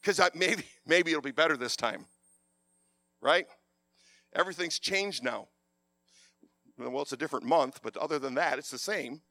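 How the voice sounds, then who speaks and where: A man delivers a sermon in a loud, passionate, animated way. His voice sits a bit high and rings bright and forceful. The sound is dry and close. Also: moderate pace, long pauses, no echo. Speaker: preacher.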